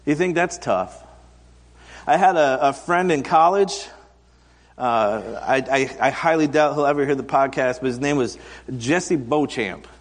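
A man's voice: medium pitch, a little slow. A man in his thirties preaching a conversational sermon, telling stories and acting out quoted voices for humor. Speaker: pastor. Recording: long hall reverb.

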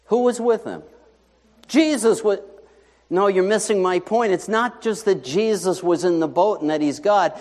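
A male pastor preaching a sermon in a lively, conversational way, full of rhetorical questions to the congregation. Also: sits high, normal speed. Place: church sanctuary. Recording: long reverb in a large hall.

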